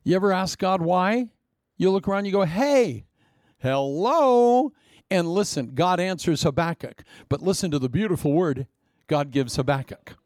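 A male pastor preaching a sermon emphatically, repeating phrases and jumping suddenly in pitch. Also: fairly even intonation, normal speed, darkish tone, dry recording, studio quality.

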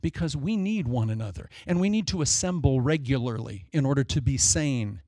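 Gravelly preacher man, dry sound. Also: mid-range voice, expressive, warm tone, no echo. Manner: dramatic, acts out demons and people in quick asides. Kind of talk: sermon.

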